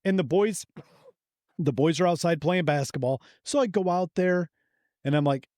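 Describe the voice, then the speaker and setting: A man hosts a podcast, telling a story in an enthusiastic, animated way with lots of swearing in casual chat. His voice is fairly high and at normal speed. The recording is clean studio sound with no room sound.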